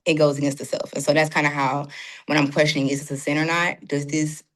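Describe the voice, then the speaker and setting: A woman's voice: low-pitched, flat delivery, fast talker, a bit bright. A woman guest in a casual faith conversation, talking animatedly and acting out her own inner dialogue. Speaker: podcast guest.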